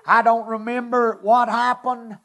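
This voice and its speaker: High-voiced man giving testimony. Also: little pitch movement, sharp tone. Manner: earnest, halting, short emotional phrases. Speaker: preacher giving a personal testimony. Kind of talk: emotional testimony sermon.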